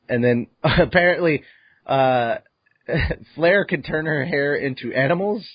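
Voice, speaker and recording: An animated man hosting a fan podcast recaps a manga chapter at a middle pitch. He acts out his own reactions and swears freely. The sound is dry and a little dull, like a lo-fi home recording. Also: moderate pace, dry recording. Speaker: podcast host. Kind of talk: casual manga recap chat.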